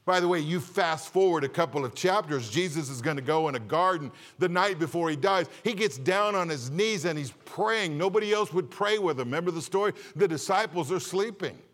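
A man's voice: fairly high pitch, expressive, a little fast, hardly any pauses, a bit bright, big-room sound. A man preaching a sermon as a Baptist pastor, impassioned, asking the congregation rhetorical questions and building to emphatic peaks.

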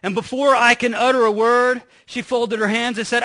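Bright-voiced, high-pitched preaching man. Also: steady tone, moderate pace. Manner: conversational preaching with rhetorical questions to the congregation. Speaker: pastor. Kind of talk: sermon. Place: church sanctuary.

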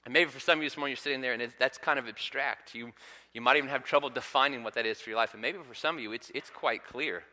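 A man in his thirties preaching a sermon in a church, telling a family story in a relaxed, conversational way. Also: medium pitch, fast. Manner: conversational storytelling with frequent ums. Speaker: pastor. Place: church sanctuary. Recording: long hall reverb.

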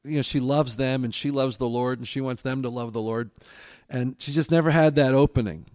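Male pastor, mid-pitched, earnest and emphatic sermon delivery that sometimes goes quiet. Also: steady tone, fairly quick.

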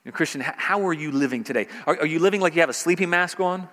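A man's voice: a little high, racing, a bit bright, long reverb tail. A man preaching a sermon, pressing each point with rising emphasis and repeated phrases. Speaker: pastor.

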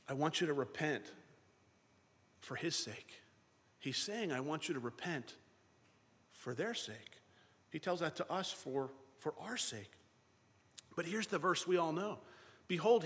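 High-voiced preaching man in a reverberant hall. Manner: preaching with swings from loud to hushed. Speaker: pastor. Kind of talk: sermon. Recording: long reverb of a large hall.

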